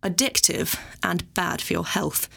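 A woman with a gravelly catch in her voice, performing a comic monologue. She rambles archly, circling her point and correcting herself as she goes. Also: on the low side, fairly even intonation, measured pace, fairly bright tone. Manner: rambling, arch and self-correcting.

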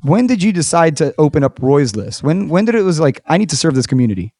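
Man, podcast host, animated storyteller, slightly high voice, dry close mic. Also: fast talker, no room sound. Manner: animated storyteller, acts out quotes, swears casually. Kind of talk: casual interview chat.

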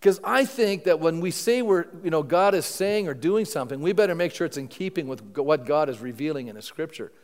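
High-voiced male pastor preaching in a hall. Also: lively intonation, brisk, few pauses. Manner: conversational, peppers the congregation with rhetorical questions. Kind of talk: sermon. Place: church sanctuary before a congregation. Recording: long reverb of a large hall.

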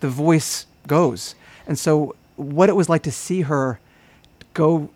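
A man hosting an interview, soft-spoken and hesitant, repeating words as he frames his questions. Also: on the high side, slow pace. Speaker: interviewer, host.

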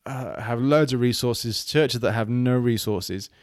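A man's voice: medium pitch, unhurried, no room sound. Earnest man from Wales, dry sound. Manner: earnest, rambling with many restarts and fillers. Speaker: guest, children's ministry leader. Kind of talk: casual interview talk.

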